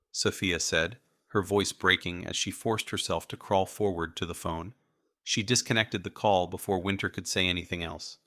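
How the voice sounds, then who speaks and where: A man narrating an audiobook in the first person with measured, even storytelling. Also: low-pitched, dry recording, studio quality.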